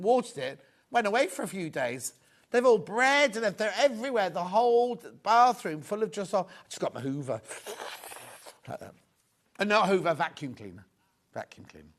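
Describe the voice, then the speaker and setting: Middle-aged male shopping host, rambling and jokey, slightly high-pitched. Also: big pitch swings, normal speed, fairly bright tone. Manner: chatty, rambling, jokey asides. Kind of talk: live TV selling, casual chat.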